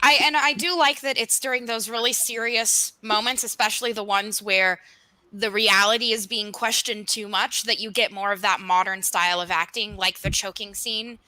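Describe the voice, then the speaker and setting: A woman's voice: mid-range voice, steady tone, moderate pace, sharp tone, no room sound, rough recording. A woman in a casual fan discussion who speaks in an analytical, articulate way. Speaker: podcast panelist.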